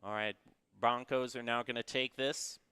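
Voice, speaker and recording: A man casting a collegiate esports match with lively play-by-play commentary and frequent laughter. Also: medium pitch, moderate pace, slight background noise. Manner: animated, laughs often. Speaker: esports caster.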